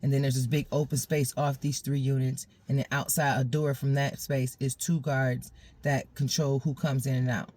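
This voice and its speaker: Animated woman telling a personal story. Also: very deep voice, moderate pace. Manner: animated, laughs often, repeats phrases.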